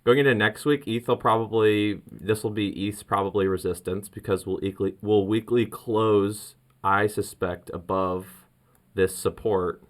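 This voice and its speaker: A man hosting a casual crypto vlog, rambling excitedly through trading charts with many restarts. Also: fairly low pitch, unhurried.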